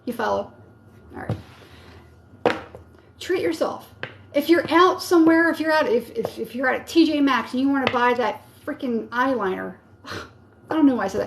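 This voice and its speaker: A woman with a high voice gives a live tarot reading. She talks casually and rambles a little, warmly urging her listeners on. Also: gravelly, a little hiss or hum. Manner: casual, encouraging, rambling with many fillers. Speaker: tarot reader.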